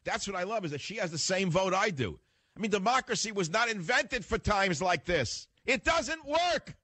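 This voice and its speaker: A man's voice: sits high, lively intonation, a little fast, pushed and bright, slightly rough, dry recording. An older man hosting a talk radio show, delivering a combative, lecturing monologue straight at the listener.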